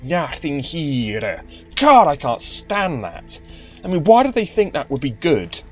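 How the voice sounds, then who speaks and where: A man's voice: high voice, wildly swooping pitch, normal speed, soft background music. A man giving casual gameplay commentary, grumbling and sarcastic, with stumbling restarts. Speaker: let's play commentator.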